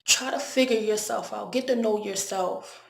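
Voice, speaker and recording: Gravelly-voiced woman in an echoey room. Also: mid-range voice, normal speed. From Baltimore, US. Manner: candid, conversational, repeats words. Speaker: vlogger. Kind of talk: casual storytime vlog.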